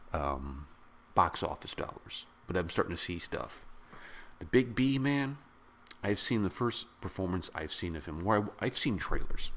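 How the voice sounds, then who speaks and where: A middle-aged man reviewing a movie in a casual, rambling, excitable way, full of slang. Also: low-pitched, gravelly. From of British descent. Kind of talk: casual spoken film review.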